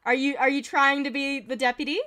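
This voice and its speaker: A woman's voice: high-pitched, level tone, a little fast, pushed and bright, a little hiss or hum. A woman streamer giving casual, giggly commentary as she reads game events aloud.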